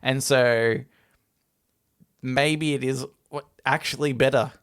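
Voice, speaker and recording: A man's voice: mid-range voice, fairly even intonation, slow, fairly bright tone, clean tone. A man in his twenties co-hosting a podcast, talking loosely with lots of fillers and laughing often. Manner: rambling, giggly, lots of fillers. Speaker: podcast co-host. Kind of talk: casual chat.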